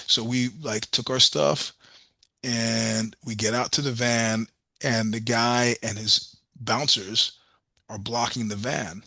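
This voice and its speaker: A man's voice: mid-range voice, steady tone, measured pace, gravelly, pushed and bright, dry recording. Blunt, profane middle-aged man telling stories. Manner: blunt, profane storyteller acting out dialogue. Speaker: podcast guest, musician. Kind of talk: casual storytelling interview.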